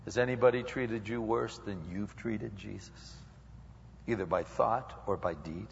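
A male preacher giving a lively sermon that acts out quotes and dialogue, recorded in an echoey hall with dull lo-fi sound. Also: on the low side, a little slow, vocal fry, slight background noise.

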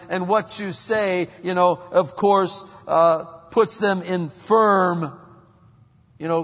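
A man preaching a sermon, an animated storyteller who swings from loud bursts to hushed tones. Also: high-pitched. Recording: muffled hall recording with long reverb.

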